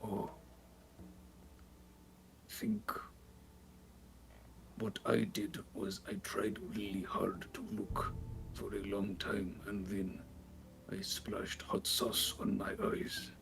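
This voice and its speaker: Slow gravelly guy, troll PC, flat literal delivery, music bed. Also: fairly low pitch, slight background noise. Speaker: player voicing a troll character. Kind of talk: tabletop role-play, in character.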